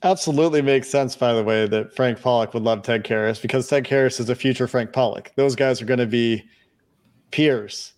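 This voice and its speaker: A man's voice: medium pitch, a little fast, darkish tone. A man hosting a sports podcast in casual chat, asking his co-host questions and closing the show. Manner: steers the talk, asks questions, signs off the show.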